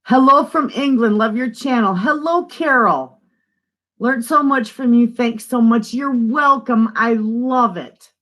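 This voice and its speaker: A woman's voice: a little high, measured pace, a bit bright. Older homestead lady on a live stream, just chatting away, reading comments and saying hi to folks. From northern Michigan, USA. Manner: chatty, reads viewer comments aloud and greets them. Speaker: homestead channel host. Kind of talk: casual live-stream chat. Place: home, away from the living room.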